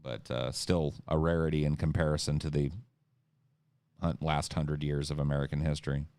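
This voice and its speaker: A man on a podcast, ranting about politics, swearing often and mocking others with quick impressions. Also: very deep voice, dry recording. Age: adult (an incumbent lost twice in his lifetime). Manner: profane, animated, mocks others with impressions. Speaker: podcast co-host. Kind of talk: heated political podcast rant.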